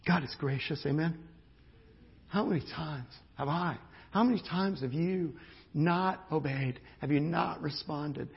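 A man's voice: on the high side, measured pace, vocal fry, husky. A male pastor preaching a sermon, telling a story in a conversational way with emphatic restarts. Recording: dull lo-fi sermon recording.

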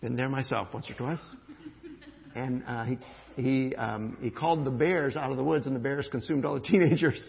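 Gravelly preacher in an echoing hall. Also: male voice, medium pitch, moderate pace. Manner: animated storytelling, swings from loud calls to quiet asides. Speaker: pastor. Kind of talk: sermon. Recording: dull lo-fi sound in a reverberant hall.

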